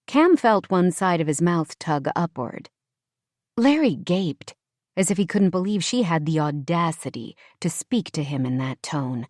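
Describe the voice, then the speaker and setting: A woman narrating an audiobook in a measured, expressive read. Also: on the low side, dry recording, studio quality. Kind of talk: scripted narration.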